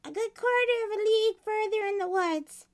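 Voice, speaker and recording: A woman's voice: very high-pitched, moderate pace, voice pushed up. Little Red Riding Hood, as a woman plays her. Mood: innocent.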